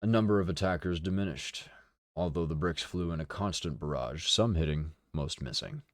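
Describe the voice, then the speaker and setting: A man streaming a dramatic reading of a novel, steady and deliberate, with casual asides. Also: deep voice, no room sound, clean studio sound. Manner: steady, deliberate narration with occasional swearing asides.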